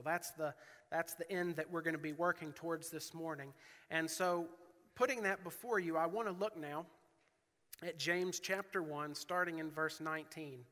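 A man with a high, bright voice preaches a sermon in a church. He reads scripture aloud with earnest, rising emphasis. His voice carries a long reverb through the hall. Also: fairly even intonation, moderate pace.

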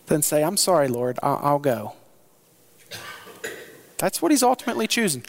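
Man, sermon delivery, animated and lively, slightly higher voice, voices the sailors with big jumps in pitch. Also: unhurried, pauses often. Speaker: pastor.

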